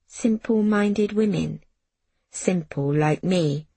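Slow, breathy woman narrating a story. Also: lowish voice, no echo. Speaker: audiobook narrator. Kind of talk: first-person storybook narration.

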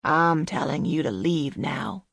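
A woman doing a gruff, wizened old man. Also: fairly low pitch, level tone, dry recording, clean studio sound. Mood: hostile. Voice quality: gruff, hoarse. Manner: terse, evasive, slow replies.

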